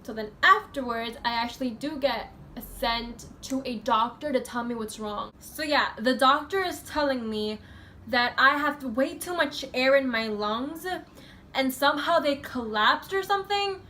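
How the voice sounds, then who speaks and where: A woman's voice: high voice, measured pace, bright, forceful tone, slight background noise. A woman from the USA telling a personal story in a casual vlog, rambling and chatty, full of fillers. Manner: chatty, rambling, heavy use of filler 'like'. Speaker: vlogger.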